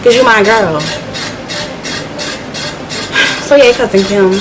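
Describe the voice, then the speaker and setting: A woman's voice: mid-range voice, lively intonation, brisk, noisy background. A woman vlogger speaking straight to camera in a theatrical, exasperated comic rant, repeating herself for effect. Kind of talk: dramatic comedic rant to camera.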